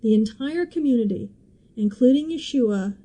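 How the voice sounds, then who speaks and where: A woman's voice: a little high, lively intonation, moderate pace, dark tone, poor audio. A woman hosting a podcast and teaching through a Bible passage, in a chatty, emotional way with asides and small laughs.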